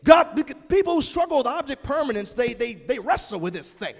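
A man preaching a sermon as pastor, building from calm explanation to emphatic shouting. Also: very high voice, fairly quick, vocal fry, long reverb tail.

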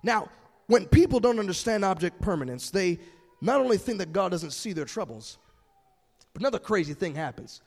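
A man preaching a sermon as pastor, building from calm explanation to emphatic shouting. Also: high voice, moderate pace, in a large hall.

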